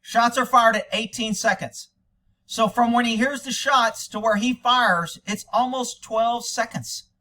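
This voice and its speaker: A man's voice: extremely high pitch, measured pace, sharp tone, slight background noise. An American man giving angry, indignant commentary over police video, ranting at length.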